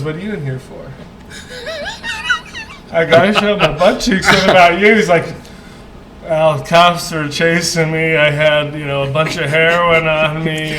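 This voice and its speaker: A man telling a profane, animated story in casual podcast chat, laughing often. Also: fairly high pitch, reverberant, slight background noise, poor audio. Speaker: podcast guest. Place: podcast studio.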